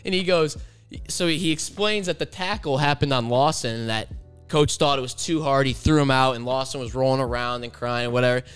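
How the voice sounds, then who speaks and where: A man's voice: medium pitch, brisk, hardly any pauses, a bit bright, clear, resonant tone, faint music behind. A young man, a college soccer player, chatting casually and animatedly on a podcast, laughing and swearing freely. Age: young adult.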